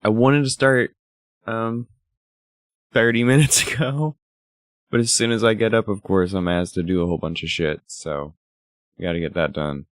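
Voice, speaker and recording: A man's voice: fairly low pitch, moderate pace, long pauses, dry recording, studio quality. A male streamer with a groggy morning voice, chatting casually and rambling as he sets up a game, swearing now and then. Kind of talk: casual gaming livestream chatter.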